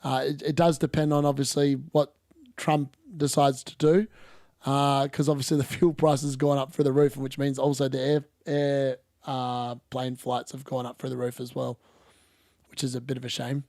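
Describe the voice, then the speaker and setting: A man's voice: medium pitch, flat delivery, moderate pace, darkish tone, dry recording, studio quality. Chatty man commenting live football. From Australia. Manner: chatty, blunt and opinionated, mild swearing. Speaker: football watch-along host. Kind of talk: casual live match commentary.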